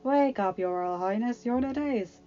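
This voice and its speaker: A wry, gently teasing guard captain gives fatherly advice, as a woman reader puts him on. The voice is mellow and unhurried. It sounds like a dull lo-fi recording with faint music behind. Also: medium pitch, steady tone, natural voice. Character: adult man, a teasing, fatherly palace captain.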